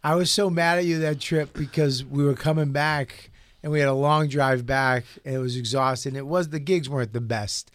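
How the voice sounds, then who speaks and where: A man's voice: mid-range voice, fairly even intonation, normal speed, no room sound. A man in casual chat, telling his side of a road trip in a blunt, profane, self-mocking way.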